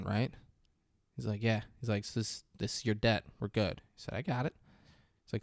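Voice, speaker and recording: A man's voice: fairly even intonation, moderate pace, gravelly, dry recording. Male podcast host, loose profane movie recap, jumps into character voices, dry close sound. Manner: rambling, profane, acts out quotes with big pitch jumps. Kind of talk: casual movie recap chat.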